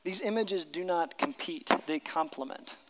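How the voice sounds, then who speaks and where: Middle-aged male pastor, high bright voice, emphatic sermon delivery, long church reverb. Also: moderate pace, background noise. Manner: emphatic, reads story aloud with character voices.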